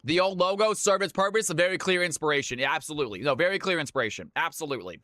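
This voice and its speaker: A man's voice: a little high, lively intonation, very fast, bright, forceful tone, no room sound, clean studio sound. A man hosting and casting a live game stream, chatty and hyped, laughing often as he talks to viewers. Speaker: stream host and caster. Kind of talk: casual live-stream chat.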